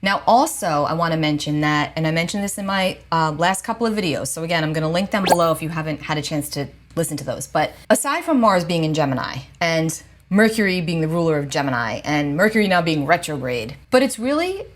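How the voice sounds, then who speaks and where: A woman with a low, steady voice talks straight to her viewers. She gives gentle spiritual advice in a casual, reassuring way. She often stops to check in with a soft "okay?". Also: brisk, hardly any pauses, slight background noise. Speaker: astrologer and psychic.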